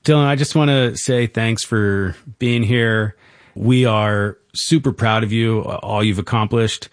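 Male interviewer, low voice, upbeat and encouraging, dry studio sound. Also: steady tone, measured pace, dry recording. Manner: enthusiastic, encouraging. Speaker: interview host. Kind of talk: interview hosting.

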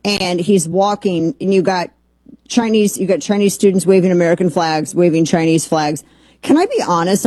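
A woman hosting a political talk radio show from a studio, sarcastic and animated, with rambling asides. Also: lowish voice, no echo. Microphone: studio microphone.

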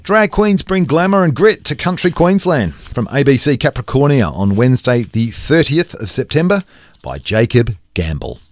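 A man reads news stories aloud at a middle pitch, his intonation rising and falling freely. He gives the quoted lines some expression of their own. The sound is dry and close, with no room around him. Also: very animated, normal speed, no room sound. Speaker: news reader.

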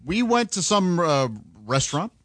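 A man co-hosting a radio show in a studio, telling a self-deprecating dating story with halting restarts. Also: sits high, expressive, a bit bright, no room sound. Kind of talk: casual radio banter, storytelling. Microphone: studio microphone.

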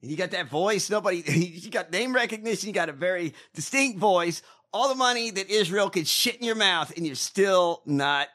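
A man's voice: high-pitched, expressive, normal speed, hardly any pauses, pushed and bright. A man co-hosting a casual political chat, profane and mocking as he rants. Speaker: podcast co-host.

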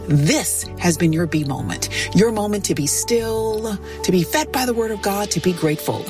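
A woman reading a scripted devotional in a slow, soothing, measured way. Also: medium pitch, lively intonation, darkish tone, recorded from a distance, soft background music. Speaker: devotional segment narrator.

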